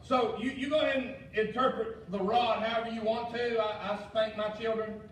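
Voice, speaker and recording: A male pastor, preaching a fiery sermon with shouted emphasis and folksy asides. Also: very high voice, steady tone, moderate pace. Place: church sanctuary. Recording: echoey church hall, mic far off, faint noise.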